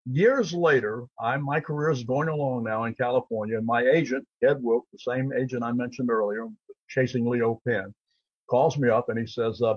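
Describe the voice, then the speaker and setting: A man's voice: medium pitch, steady tone, moderate pace, breathy edge, dry recording. An older man, a character actor, telling rambling anecdotes on a radio show and acting out the voices of people he met. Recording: dull lo-fi line.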